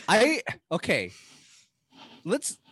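Lively co-host with short quips. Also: mid-range voice, extremely slow, slight background noise. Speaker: podcast co-host. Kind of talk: casual chat.

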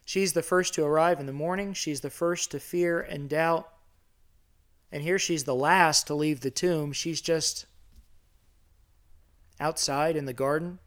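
A man's voice: fairly high pitch, fairly even intonation, measured pace, pauses often. A middle-aged man preaching a conversational sermon in a church sanctuary, asking his listeners questions and growing intense as he goes. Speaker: pastor.

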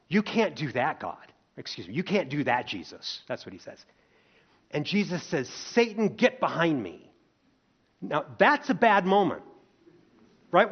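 A man preaching a sermon, telling the story in lively, expressive turns and asking the congregation rhetorical questions. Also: a little high. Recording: dull lo-fi recording.

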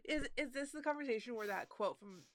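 A woman's voice: on the high side, expressive, fairly quick, dry recording, clean studio sound. A woman co-host reacting to the story with short exclamations and questions. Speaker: podcast co-host. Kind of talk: casual chat.

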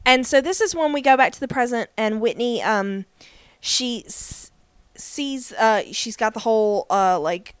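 A woman's voice: fairly high pitch, unhurried, smooth, no echo. Woman podcaster rambling thru an episode recap, lots of ums, dry mic. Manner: chatty, many fillers, acts out quotes. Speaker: podcast co-host. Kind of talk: casual chat recapping a TV episode.

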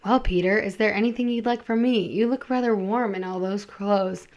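A woman's voice: medium pitch, moderate pace, a little mellow, dull audio, lightly acted. A woman voicing a bold, forward woman at a bawdy house, teasing and flirtatious.

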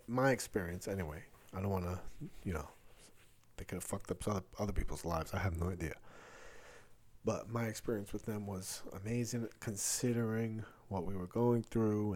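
A man's voice: deep voice, a little mellow. A middle-aged man, hosting a casual solo podcast, talking candidly and rambling with many fillers and restarts. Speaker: podcast host.

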